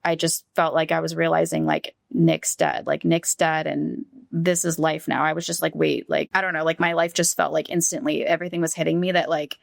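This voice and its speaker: Woman, podcast guest, low gravelly voice, halting storytelling, acts out quotes, dry close sound. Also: flat delivery, no room sound. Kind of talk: emotional conversational storytelling.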